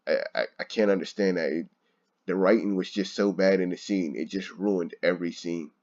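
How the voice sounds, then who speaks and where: Low-voiced man ranting, dull lo-fi mic. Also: fairly even intonation, moderate pace, darkish tone. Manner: frustrated, swearing, laughing often. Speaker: show reviewer. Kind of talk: casual ranting review.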